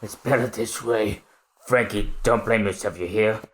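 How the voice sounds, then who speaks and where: A man voicing a calm, resigned old fishman shipwright in a soft, low manga read-aloud. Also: normal speed, lightly acted. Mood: resigned, tender. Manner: soft, low and gentle delivery.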